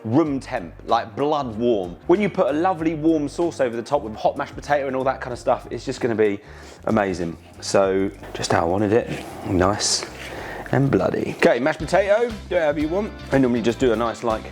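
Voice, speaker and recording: A man's voice: medium pitch, lively intonation, fairly quick, a little mellow. An enthusiastic man, hosting a casual cooking demonstration in chatty, slangy talk. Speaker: cooking show host. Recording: music playing behind.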